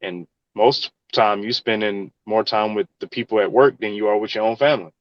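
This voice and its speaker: Earnest low-voiced man giving advice. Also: steady tone, normal speed, highs cut off. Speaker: engineer and real estate professional, interview guest. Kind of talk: casual interview answers.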